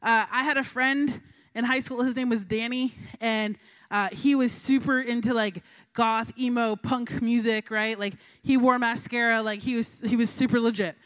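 Young woman, high voice, casual youth sermon full of chatty asides and little acted-out voices. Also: fairly even intonation, normal speed. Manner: chatty, lots of fillers and likes, acts out voices in stories. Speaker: youth pastor.

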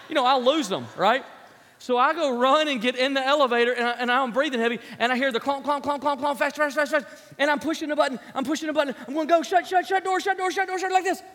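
A pastor telling a story in a sermon, animated and acting out sounds as he speaks. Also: extremely high pitch, fast talker. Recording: long hall reverb.

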